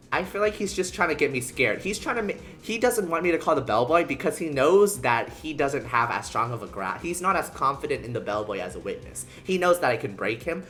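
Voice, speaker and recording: A lively streamer thinks out loud through a courtroom game, with frequent giggles. The voice is mid-pitched with an animated, swooping delivery, and faint game music sits underneath. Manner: animated, giggly, self-talking. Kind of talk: casual game commentary.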